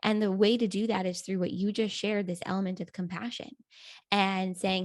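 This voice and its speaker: A woman's voice: mid-range voice, flat delivery, normal speed, no room sound. Woman podcast host, reflective, affirming, dry close sound. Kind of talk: podcast interview.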